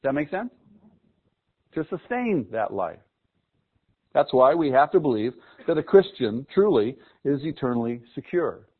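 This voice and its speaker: A man's voice: a little high, breathy edge. A man preaching a sermon, asking the congregation questions and repeating key words for emphasis. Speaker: pastor. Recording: phone-like narrow sound.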